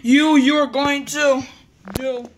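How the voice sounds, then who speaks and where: Halting, slow-talking woman in toy play. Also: high voice, steady tone, slight background noise. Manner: halting, repeats words and restarts often. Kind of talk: toy role-play as a teacher.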